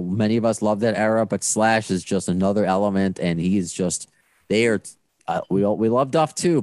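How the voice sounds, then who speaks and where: A young man hosting a casual fan podcast, telling stories in a rambling, self-correcting, animated way. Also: deep voice, no echo. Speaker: podcast host.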